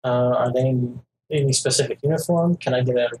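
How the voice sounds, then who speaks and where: A man's voice: medium pitch, fairly quick, a little mellow, a little hiss or hum, rough recording. A man playing a tabletop role-playing game, asking the game master casual questions. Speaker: player.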